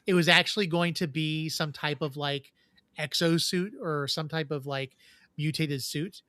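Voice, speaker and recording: A man's voice: on the high side, fairly even intonation, a little slow, bright, forceful tone, dry recording, studio quality. A man co-hosting a casual fan podcast, explaining trivia at length with frequent restarts. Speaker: podcast co-host.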